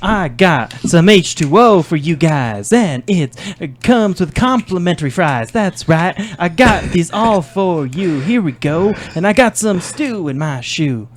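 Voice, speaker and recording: An improviser voicing an excitable male celebrity science show host in a comedy scene, goofy and sing-song. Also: medium pitch, moderate pace, close to an everyday voice. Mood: showy. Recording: faint background noise.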